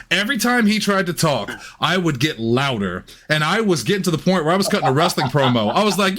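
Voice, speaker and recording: A man co-hosting a casual comedy film podcast, telling stories in an animated way and swearing freely. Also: on the high side, a little fast. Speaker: podcast co-host.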